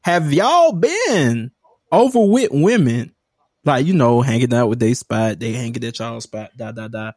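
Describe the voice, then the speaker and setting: Lively, playful podcast co-host. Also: male voice, medium pitch, unhurried, dry recording. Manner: playful, expressive, says hey a lot. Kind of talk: casual podcast banter.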